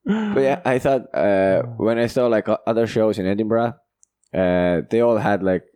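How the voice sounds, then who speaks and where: A man's voice: lowish voice, lively intonation, normal speed, mellow, dry recording, clean studio sound. A man in casual chat, talking hesitantly with many fillers and frequent agreement.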